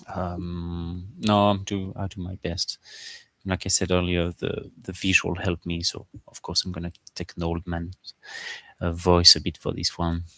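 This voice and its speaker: A man as game master, talking through his game prep in a halting, informal, think-aloud way. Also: low voice, a bit bright, dry recording. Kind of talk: casual game prep screen-share.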